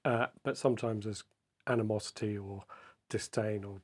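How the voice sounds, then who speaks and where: A man hosting a podcast, asking his guest thoughtful questions at a measured pace. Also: fairly low pitch, steady tone. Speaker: podcast host. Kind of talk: interview questions.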